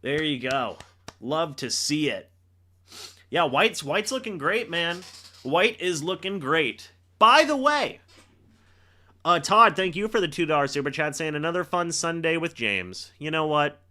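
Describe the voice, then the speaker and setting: A young man hosts a live game reaction stream, calling each play. His voice sits a little high and bright, and his pitch swings widely as he teases the players and shouts on the big plays. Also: animated, a little slow.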